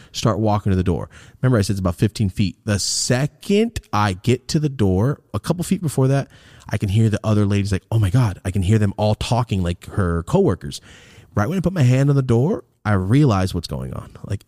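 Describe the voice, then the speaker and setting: A young man hosting a casual podcast, telling a story with lots of swearing. His pitch swings widely as he acts out the other people in it, sliding up high and then dropping low again. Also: a little fast, dry recording, clean studio sound. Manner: animated, profane, acts out voices in his stories. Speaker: podcast host.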